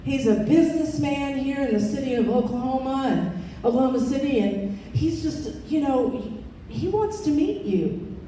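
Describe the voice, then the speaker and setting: A woman's voice: sits high, expressive, normal speed, warm tone, slight background noise, pitched above the performer's own voice. A woman voicing a chatty older Southern woman on the phone, with a twangy voice, recorded in an echoey hall from a distance. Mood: warm excited.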